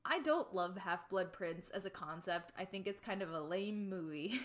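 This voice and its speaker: A woman's voice: medium pitch, lively intonation, normal speed. A young woman from the United States co-hosting a podcast, chatting casually and animatedly with lots of filler words. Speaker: podcast co-host. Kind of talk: casual chat.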